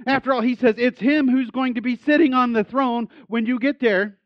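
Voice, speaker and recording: A man's voice: extremely high pitch, steady tone, moderate pace, dry recording, muffled recording. A man, a pastor, giving a casual, enthusiastic sermon with self-deprecating asides and frequent restarts.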